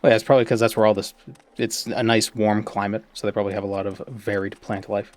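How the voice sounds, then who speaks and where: A man's voice: fairly low pitch, flat delivery, fast, a little mellow. A man streaming a game, musing aloud in a rambling way full of fillers and restarts. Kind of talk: casual gameplay commentary.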